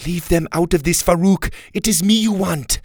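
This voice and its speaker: A man's voice: on the high side, lively intonation, normal speed, darkish tone, no room sound, studio quality, voice pushed up. A man voicing a young woman held captive, pleading and defiant in a children's story.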